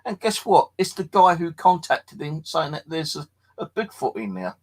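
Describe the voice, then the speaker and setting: A tired man streaming late at night from his flat, telling a rambling, sweary story and chatting to viewers. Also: on the high side, normal speed, poor audio. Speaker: paranormal live streamer. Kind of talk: casual late-night live stream chat.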